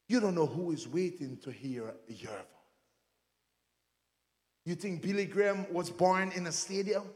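High-voiced preacher in an echoey hall. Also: male voice. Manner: rousing, breaks into shouts, asks the congregation to answer. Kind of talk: sermon.

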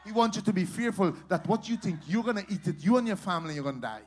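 A man with a very high voice preaching a sermon. He lets his delivery climb into loud, half-sung shouts, then drops into quiet asides, and he repeats his phrases over and over for emphasis. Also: lively intonation, quick pace. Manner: preaching with rising shouts and sing-song cadences. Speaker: pastor.

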